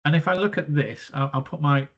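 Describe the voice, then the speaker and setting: Husky stuffy-voiced man teaching maths. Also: fairly high pitch, brisk. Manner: chatty, thinks aloud step by step. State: stuffy from hay fever, mouth-breathing. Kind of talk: explaining a worked exam question. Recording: dull lo-fi recording.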